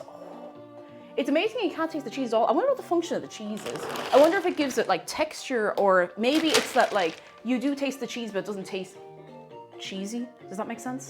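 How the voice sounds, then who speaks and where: A woman's voice: a little high, lively intonation, a little fast, music in the background. A woman streaming herself baking, chatting casually and greeting viewers by name. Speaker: baking livestreamer. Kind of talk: casual chat while baking.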